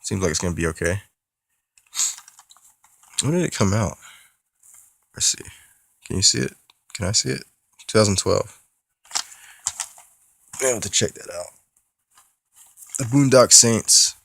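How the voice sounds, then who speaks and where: A man's voice: fairly low pitch, lively intonation, measured pace, vocal fry, pauses often, a bit bright. A man with a stuffy nose, casually rambling and swearing as he shows off his new movie haul in a vlog. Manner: casual and profane, rambling with restarts. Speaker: movie collector vlogger.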